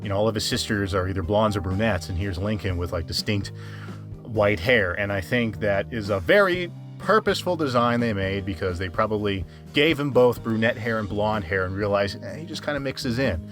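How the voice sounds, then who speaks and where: A man with a somewhat low voice talks casually through a cartoon review and speaks straight to his viewers. He stumbles, repeats words and restarts his thoughts often, while faint music plays underneath. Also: animated, normal speed, a bit bright. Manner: rambling, frequent restarts and fillers; chatty, addresses viewers directly. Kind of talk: casual commentary over a speedpaint.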